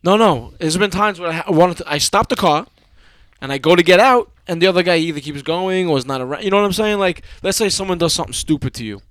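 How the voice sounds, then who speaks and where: A man's voice: high-pitched, fast, a bit bright, dry recording. A man with a heavy New York accent hosting a podcast, bantering and swearing in casual chat. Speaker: podcast host.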